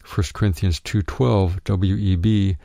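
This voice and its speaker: Deep gravelly man reading a Bible study. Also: fairly even intonation, warm tone, no echo, clean studio sound. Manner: measured reading, citing verse references aloud. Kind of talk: scripted narration of a written teaching.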